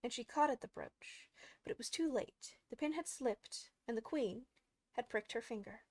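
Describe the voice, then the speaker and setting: Woman reading a storybook aloud, calm and expressive, voice a bit high. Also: normal speed, no room sound. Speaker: narrator. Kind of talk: audiobook storytelling.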